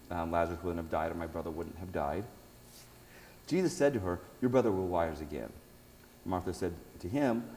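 Low, mellow man reading scripture aloud. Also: in a large hall, slight background noise, low-quality recording. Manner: reads aloud, breaks off for asides. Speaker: Bible teacher.

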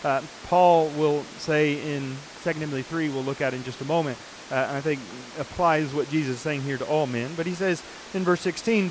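A man with a fairly high voice delivers an earnest sermon and explains scripture step by step. A faint hiss sits under the recording. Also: moderate pace, rough recording. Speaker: preacher.

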